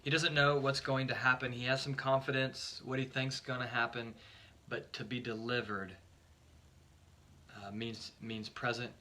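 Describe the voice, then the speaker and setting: Earnest pastor with a bright voice. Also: male voice, mid-range voice, flat delivery, moderate pace. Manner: earnest, emphatic, repeats words when starting phrases. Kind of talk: short devotional sermon.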